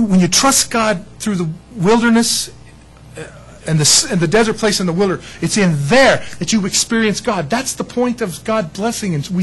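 High-pitched animated male preacher. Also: slightly rough, low-quality recording. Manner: animated, mimics voices, self-deprecating humor. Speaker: pastor. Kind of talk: sermon.

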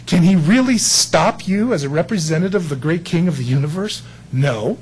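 Man preaching in a chatty, animated way. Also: a little high, moderate pace, husky, poor audio. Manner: conversational preaching with acted-out quotes. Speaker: pastor. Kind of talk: sermon.

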